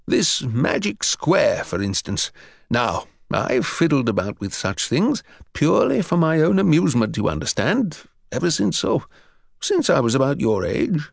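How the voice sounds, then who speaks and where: Man doing a pompous old headmaster, lofty and high. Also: very animated, a little slow, gravelly, slightly rough, dry recording, studio quality, full character voice. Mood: condescending. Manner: haughty, condescending drawl. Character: older pompous male headmaster, easily angered.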